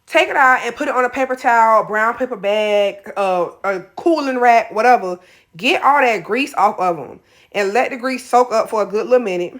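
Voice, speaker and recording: A woman's voice: medium pitch, fairly bright tone. A young adult woman, chatting casually through a cooking tutorial in her home kitchen, sassy and talking straight to viewers. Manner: chatty, sassy, talks to viewers as y'all, honey, child. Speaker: cooking vlogger.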